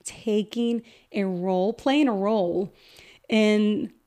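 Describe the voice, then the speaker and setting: A woman's voice: mid-range voice, fairly even intonation, takes it slowly, dark tone. A woman hosting a podcast who talks earnestly as a counselor, repeating words for emphasis and acting out little examples. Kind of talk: educational podcast talk.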